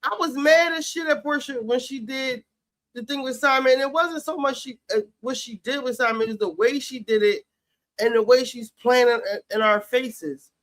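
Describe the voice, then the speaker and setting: A man's voice: extremely high pitch, moderate pace, a bit bright. Sassy, ranting man. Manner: sassy, profane, heated ranting. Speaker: reality TV commentator. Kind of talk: casual commentary chat. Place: home kitchen while cooking.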